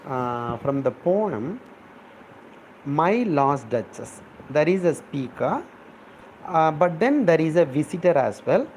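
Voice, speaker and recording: A man's voice: on the high side, darkish tone, a little hiss or hum, poor audio. A middle-aged man, a professor explaining words for an exam, spelling them out letter by letter. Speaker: English professor. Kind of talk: exam-prep vocabulary lesson.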